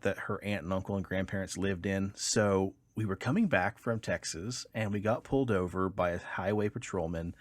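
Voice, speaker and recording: Man from Kansas, podcast co-host. Casual, profane storyteller with a lowish voice, dry close mic. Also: no echo. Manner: animated storyteller, swears freely. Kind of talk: casual chat.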